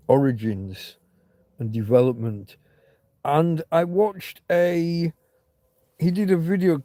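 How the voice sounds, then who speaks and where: A man's voice: mid-range voice, mellow, no echo, clean studio sound. A middle-aged man hosting a livestream, talking in a loose, rambling way, often breaking off and restarting, with casual swearing. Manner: chatty, self-interrupting, swears casually. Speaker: livestream host.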